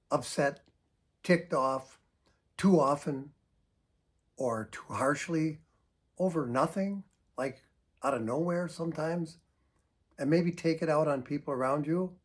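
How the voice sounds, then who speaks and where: An older man, a psychotherapist, giving earnest, emphatic advice straight to camera and showing how to sigh out deep breaths. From United States. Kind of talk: direct-to-camera advice talk.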